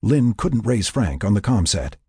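Raspy, low male storyteller. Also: very animated, unhurried, a little mellow, no room sound, studio quality. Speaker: narrator. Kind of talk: scripted narration.

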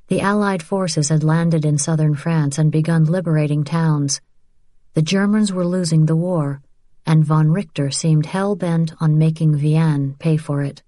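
A woman reading an audiobook in measured, even scripted narration. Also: low-pitched, no echo, studio quality.

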